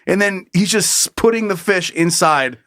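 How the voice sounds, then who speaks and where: Male podcast co-host, raised pitch, crude and mock-exasperated, dry close mic. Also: unhurried, a bit bright, dry recording. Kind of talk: casual comedy podcast chat.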